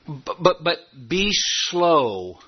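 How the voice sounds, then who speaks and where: A man preaching a sermon as a pastor, emphatic, repeating his points and slowing down to stress them. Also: a little high, sing-song, breathy edge, highs cut off. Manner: emphatic, repeats phrases, slows down for key points.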